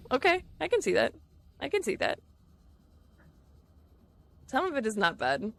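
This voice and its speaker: Gamer girl streaming, chatty and giggly, lots of fry in her voice, gets distracted mid sentence. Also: mid-range voice. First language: English. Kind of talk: casual gameplay chat with viewers.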